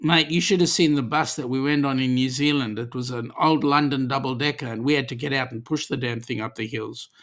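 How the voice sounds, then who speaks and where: A man's voice: mid-range voice, fairly quick, hardly any pauses, fairly bright tone. An Australian man hosting a casual livestream, reading viewer comments aloud in a chatty, easygoing way with lots of ums. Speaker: livestream host.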